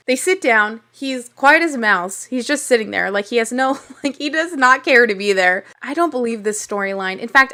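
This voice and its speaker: Young woman host, bright and fairly high voice, candid and chatty, laughs easily. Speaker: podcast host. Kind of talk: casual TV recap.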